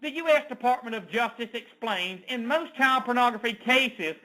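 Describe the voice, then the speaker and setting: A man ranting as an online news commentator, reading an article aloud with indignant, sarcastic outbursts that swing from loud to low. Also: moderate pace, rough recording.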